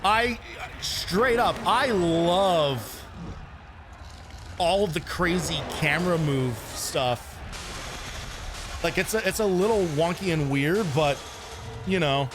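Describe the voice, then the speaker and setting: A man gives casual commentary on a retro game while he plays it. He talks slowly in a high voice that swings up and down, swears freely and breaks into laughter. Faint game music runs underneath. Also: lively intonation, background noise. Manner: rambling, swearing, laughs often. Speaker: game streamer.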